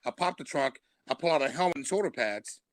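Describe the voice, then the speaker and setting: A man's voice: medium pitch, expressive, fast, no room sound. A man, a stand-up comedian, telling a long comic story on a live stream and laughing through his punchlines.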